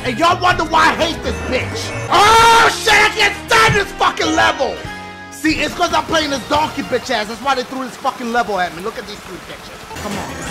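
Loud, profane man shouting over a game. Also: animated, moderate pace, over a noisy crowd. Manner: loud, profane, swings between shouts and low mutters. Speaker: gaming YouTuber. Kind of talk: game commentary. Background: game music.

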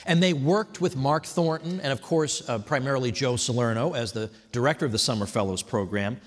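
A man giving a prepared tribute speech at an event, telling stories in a wry, animated way. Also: mid-range voice, brisk, long reverb tail. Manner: wry, animated storytelling with mock voices. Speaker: speaker at an institute event. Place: hotel event hall.

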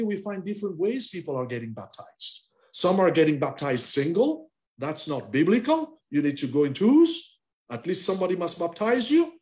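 A man, a pastor, preaching an animated sermon with call-and-response over a video call. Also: on the high side, unhurried.

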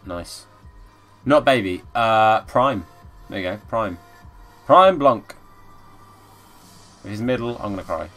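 Chatty streamer, game commentary. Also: male voice, fairly low pitch, slow, long pauses. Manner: chatty, bursts into excited shouts at the play. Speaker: gaming streamer. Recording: faint background music.

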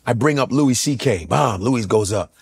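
A man's voice: mid-range voice, expressive, normal speed, creaky, slightly rough. A middle-aged male comedian telling a profane, punchy story, acting out the people in it as he goes. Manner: acts out the people in his stories, profane and punchy. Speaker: comedian guest. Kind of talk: animated storytelling.

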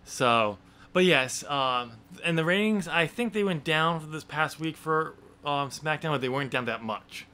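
A man's voice: a little high, normal speed, bright, forceful tone, slight background noise. A man co-hosting a casual wrestling podcast, matter-of-fact, adding details and correcting his partner. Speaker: podcast co-host.

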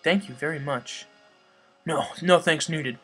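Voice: mid-range voice, unhurried, sharp tone, faint music behind. A gamer reading out a humble village craftsman. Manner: plain, matter-of-fact reading. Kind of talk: reading game dialogue aloud.

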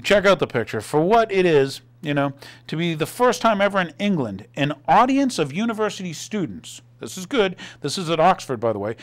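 Male host, lively sarcastic commentary, slightly high voice. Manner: animated, sarcastic, rhetorical questions. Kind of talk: commentary monologue.

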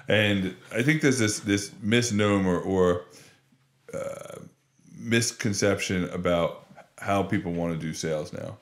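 Male podcast host, low voice, eager and agreeable, echoey room. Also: slow. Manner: enthusiastic, agreeing, with frequent restarts. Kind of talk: casual interview chat.

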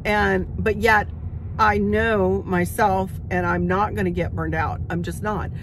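A woman's voice: mid-range voice, fairly even intonation, measured pace. A woman in her sixties hosting a casual vlog, chatting candidly and emotionally from the driver's seat of a car. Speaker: craft and decor channel host. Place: inside a car. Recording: noisy car interior.

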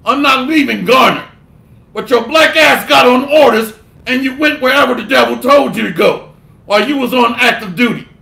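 A man's voice: very high-pitched, brisk, creaky, sharp tone. A man preaching a scolding sermon, delivering a fiery rebuke and mocking others with put-on voices. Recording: echoey room.

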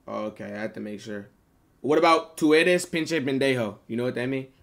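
A man's voice: mid-range voice, brisk, gravelly. A man streaming on a video chat app, chatting in a joking, slangy, profane way. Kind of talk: casual chat.

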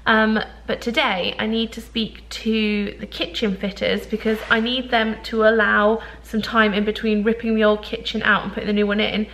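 A woman in her thirties talks casually to camera at home. She rambles through her plans with plenty of fillers and self-deprecating asides. Her voice sits at an ordinary middle pitch. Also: little pitch movement, normal speed, hardly any pauses, a bit bright. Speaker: vlogger. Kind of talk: casual vlog chat.

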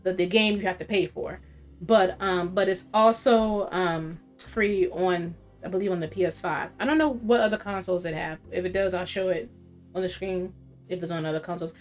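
A woman's voice: lowish voice, steady tone, normal speed, faint music behind. A woman streamer giving casual, chatty commentary while playing a video game. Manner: chatty, talks to viewers. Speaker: gaming streamer.

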